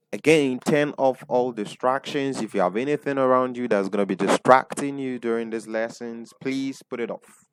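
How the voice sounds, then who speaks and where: This man's mid-range voice has a clean tone on a dry recording. He's a business coach with a Ghanaian accent leading an online webinar, going over his points again, putting questions to listeners, and dropping in "right?" frequently.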